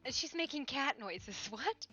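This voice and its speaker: A playful woman with a bright, lively voice, teasing and giggling through a live-streamed roleplay. Her pitch jumps around as she jokes. The audio is a little muffled, with faint game music underneath. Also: unhurried, breathy edge. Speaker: roleplay player.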